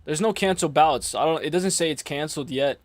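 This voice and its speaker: A man's voice: fairly high pitch, a little fast, dry recording. A young man hosting a casual livestream, talking loosely with lots of swearing and exasperated, mocking asides to his chat. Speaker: livestream host.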